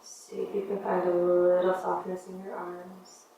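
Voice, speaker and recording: A woman teaching a yoga class, giving gentle, encouraging step-by-step cues for breath and movement. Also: lowish voice, monotone, measured pace, slight background noise. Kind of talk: guided yoga class instruction. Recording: very echoey room, mic at a distance.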